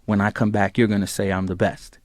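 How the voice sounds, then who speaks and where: A man recounting a backstage anecdote, acting out the other people's lines with lively swings in his voice. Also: lowish voice, fairly quick, dry recording, clean studio sound. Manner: animated, acts out quoted voices. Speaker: clip storyteller.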